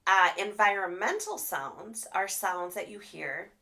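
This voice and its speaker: A woman speech therapist giving a live training talk, animated and expressive as she demonstrates sounds. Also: mid-range voice, measured pace.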